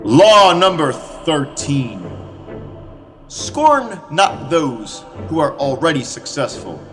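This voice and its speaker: Slow, solemn man reading over timpani. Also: on the high side, very animated. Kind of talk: dramatic reading over music. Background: timpani music.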